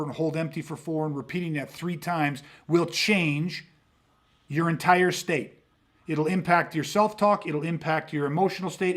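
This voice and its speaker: A fairly high-voiced man delivering an instructional podcast monologue as a tactical mindset coach. He talks with intensity and swears freely, acting out his reactions to drive each point home. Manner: intense, profane, acts out reactions.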